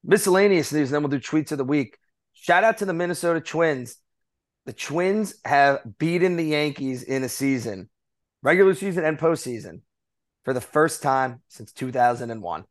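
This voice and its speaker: A man's voice: fairly high pitch, lively intonation, moderate pace. A man co-hosting a baseball podcast, running through news items in a casual, conversational way with frequent fillers. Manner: conversational, reads notes with fillers. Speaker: podcast co-host. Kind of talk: casual sports chat.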